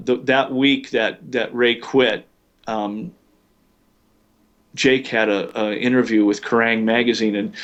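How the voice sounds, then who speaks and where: A man spins long rambling stories as a podcast guest, tripping over restarts and fillers as he goes. His mid-pitched voice comes through a dull, lo-fi line. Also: fairly bright tone. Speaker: interview guest, guitarist. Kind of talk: storytelling in a podcast interview.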